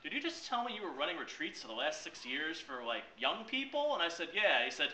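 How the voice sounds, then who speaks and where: A man's voice: high voice, a little fast, distant mic. Storytelling man in an echoey room. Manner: animated, acts out quoted dialogue with laughs. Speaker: speaker at a ministry talk. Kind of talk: storytelling talk.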